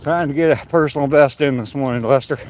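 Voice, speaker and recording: A man's voice: mid-range voice, fast, a little mellow, a little hiss or hum. An older man vlogging casually while walking an outdoor woodland trail, joking, chuckling and greeting passersby, recorded on a phone. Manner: chatty, jokey, chuckles often, talks to passersby.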